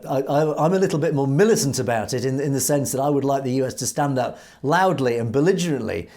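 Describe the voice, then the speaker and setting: A man's voice: medium pitch, fast, darkish tone. A man co-hosting a political commentary show, emphatic and earnest, often restarting his sentences as he reads out viewer comments. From United Kingdom. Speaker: co-host reading viewer comments.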